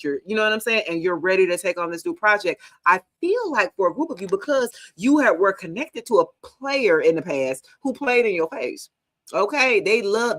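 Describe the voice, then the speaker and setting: Laughing, profane woman reading tarot. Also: mid-range voice. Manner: casual, profane, laughing often, talks to viewers as y'all. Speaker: tarot reader.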